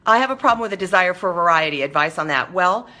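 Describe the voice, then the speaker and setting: A woman's voice: lowish voice, expressive, fast, sharp tone. A middle-aged woman hosting a live show, chatting casually with viewers and coaching them in a direct, firm way.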